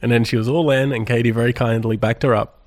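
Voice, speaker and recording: A man co-hosting a casual film podcast, relaxed and joking, swearing now and then. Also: mid-range voice, quick pace, no echo, clean studio sound. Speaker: podcast co-host. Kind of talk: casual chat about films.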